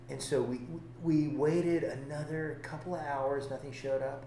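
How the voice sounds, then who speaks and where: A man's voice: on the high side, normal speed, few pauses, a little hiss or hum. A man who works as a fishing guide and boat captain, telling stories on a podcast and acting out both sides of each conversation. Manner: animated, acts out both sides of his stories. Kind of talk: casual podcast storytelling. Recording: roomy podcast recording.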